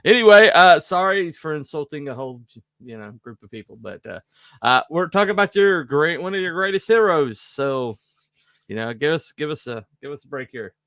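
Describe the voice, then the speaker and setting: A man's voice: fairly high pitch, animated, brisk, pushed and bright, no echo, clean studio sound. A man from the South, co-hosting a podcast in casual chat, rambling with lots of fillers and joking asides. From Southern United States. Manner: rambling, self-mocking, full of fillers and asides. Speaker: podcast co-host.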